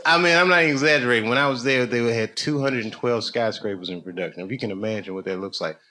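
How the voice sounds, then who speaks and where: A fast-talking man with a medium-pitched voice works the crowd during stand-up at a comedy club. His loose, profane stories draw plenty of laughter, and the live recording picks up the audience noise.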